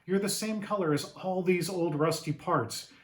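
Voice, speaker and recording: A hapless, bumbling dad who has just taken over a farm, as a man reads him in a storybook. He sounds puzzled and exclaims easily, in a slightly high voice. The room gives a noticeable echo. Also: moderate pace, lightly acted. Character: bumbling new farmer dad. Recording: roomy echo.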